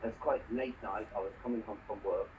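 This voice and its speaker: This conversation partner, who lives in Hong Kong, has a fairly low voice with fairly even intonation and a brisk pace. He tells his story earnestly, peppering it with "you know," on a distant, muffled recording with faint background noise.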